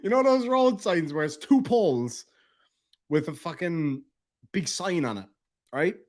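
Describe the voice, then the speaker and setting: A man's voice: on the high side, expressive, unhurried. An Irish man in casual commentary, telling stories full of swearing and laughing through them. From Ireland. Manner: profane, laughs through his own stories. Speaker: streamer reacting to a livestream.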